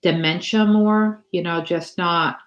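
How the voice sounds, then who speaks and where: A woman's voice: fairly low pitch, fairly even intonation, slow, roomy sound, dull audio. A woman giving a live tarot reading to viewers, chatty and rambling, full of fillers and restarts. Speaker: tarot reader.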